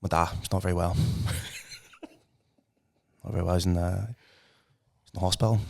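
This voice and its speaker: A man's voice: sits low, steady tone, moderate pace, gravelly, a little mellow. A man co-hosting a podcast, swearing freely and telling crude jokes with a laugh. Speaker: podcast co-host. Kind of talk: casual podcast banter.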